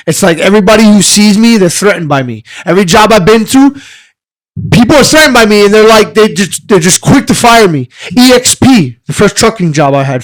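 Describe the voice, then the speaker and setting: A man telling stories as a podcast guest, heated, profane and animated. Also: sits high, fairly quick, dry recording, low-quality recording. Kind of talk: casual storytelling.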